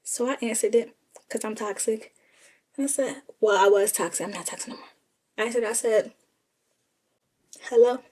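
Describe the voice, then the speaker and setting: A woman's voice: a little high, a little fast, a little mellow, breathy edge. A young woman telling a casual, sassy story and talking straight to her listeners as y'all. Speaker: storyteller vlogger.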